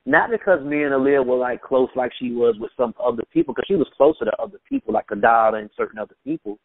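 A man of medium pitch and lively intonation casually recalls stories as a guest on a phone interview. His manner is laid-back, with quick bursts of laughter and voice impressions inside his anecdotes. The tinny phone line has no echo and sounds dry.

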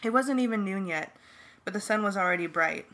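A woman reading a first-person novel aloud as an amateur audiobook, in a plain, steady manner. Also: mid-range voice, a little fast. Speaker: audiobook reader.

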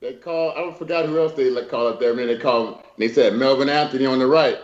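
A man's voice: medium pitch, quick pace. Laughing storyteller man, lo-fi sound. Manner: animated, laughing storyteller acting out dialogue with slang. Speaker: guest. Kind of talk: casual storytelling chat.

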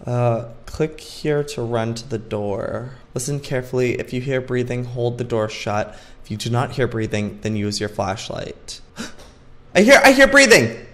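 A man's voice: mid-range voice, fairly even intonation, normal speed, hardly any pauses, darkish tone. A man hosting a let's play of a horror game, jumpy and frightened, talking to himself and yelping. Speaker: gaming channel host.

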